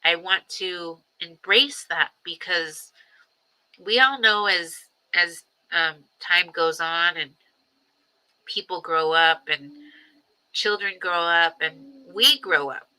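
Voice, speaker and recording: A woman who is a grandmother, hosting a personal livestream and talking reflectively, with frequent ums, pauses and repeated phrases. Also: fairly low pitch, pushed and bright, poor audio. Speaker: livestream host. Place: home livestream.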